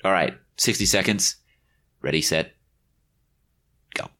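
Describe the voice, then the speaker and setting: A man hosting a podcast, speaking in a deliberate, measured way. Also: low-pitched, sharp tone. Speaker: podcast host. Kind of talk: casual podcast chat.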